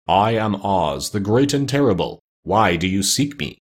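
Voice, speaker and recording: A man voicing the Wizard of Oz, a little old humbug, slow and solemn when hidden and meek and trembling when found out. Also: on the low side, sing-song, husky.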